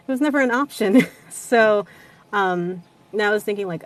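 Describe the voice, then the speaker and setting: A woman's voice: medium pitch, fast. A woman narrator of audiobooks in casual chat, laughing often and swearing casually.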